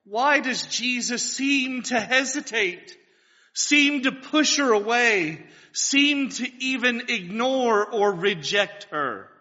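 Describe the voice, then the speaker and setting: A man's voice: high-pitched, bright, forceful tone. A man preaching a sermon, earnest and building to fervent pleas, asking his listeners questions. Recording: dull lo-fi sound with long hall reverb.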